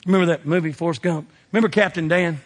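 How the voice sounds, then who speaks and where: Husky-voiced preacher in a big hall. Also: male voice, on the high side, fast. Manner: emphatic, preachy, calls out to the congregation. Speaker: pastor. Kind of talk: sermon. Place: church sanctuary. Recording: long reverb of a large hall.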